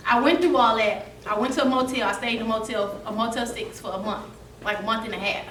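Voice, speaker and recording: A young woman speaks at a seminar, her voice high, bright and lively. She tells her story with feeling and laughs through it. She sounds distant in an echoey room with faint noise behind. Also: brisk. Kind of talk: motivational storytelling.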